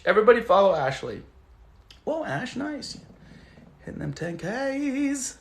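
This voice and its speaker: A young man from Southern California hosts a casual live stream at home among plants, recording on a phone. His voice sits high, creaky and sing-song, at a measured pace, as he rambles loosely and swears while reading the chat aloud.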